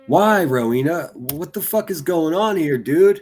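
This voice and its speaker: A man streaming profane, mocking reaction commentary with a husky voice. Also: on the high side, animated, measured pace, a little mellow, faint music behind. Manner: mocking, ranting, heavy swearing.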